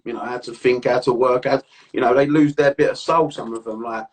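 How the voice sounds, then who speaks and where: A middle-aged man with a South London accent, rattling along quickly in a slangy, easygoing podcast chat. His voice is a little husky. He talks over a video call. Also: medium pitch, steady tone. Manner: chatty, slangy, laughs often. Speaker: podcast host.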